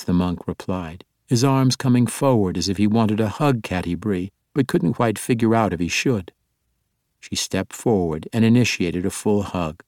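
A man narrating an audiobook in a steady, expressive reading. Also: low voice, normal speed, no echo, studio quality. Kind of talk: scripted narration.

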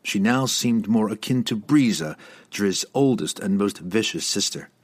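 A man reading a fantasy novel aloud as an audiobook narrator, in an expressive, dramatic way. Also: on the low side, unhurried.

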